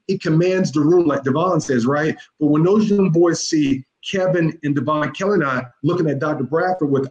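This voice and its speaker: A man's voice: on the high side, a little mellow, dull audio. A middle-aged man, a youth mentor giving a guest interview, talks emphatically and repeats himself, often calling the host by name. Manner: emphatic, repetitive, keeps addressing the host by name. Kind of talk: casual interview talk. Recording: echoey room.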